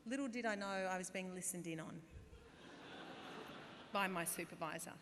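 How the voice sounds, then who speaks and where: An Australian woman in her thirties giving a humorous, self-deprecating graduation speech, now and then bursting into loud put-on voices. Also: mid-range voice, moderate pace, pauses often, slight background noise. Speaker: guest speaker. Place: large hall. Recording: reverberant hall, faint ambience.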